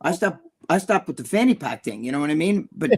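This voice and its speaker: High-voiced profane New Jersey man. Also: big pitch swings, fairly quick, darkish tone. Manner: blunt, profane, rambling with many fillers. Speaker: bodybuilding personality, co-host. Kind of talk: casual chat.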